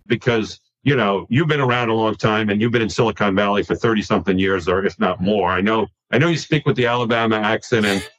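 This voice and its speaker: A man from New York talking in a casual podcast conversation, animated and quick to repeat himself when excited. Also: fairly low pitch, lo-fi sound.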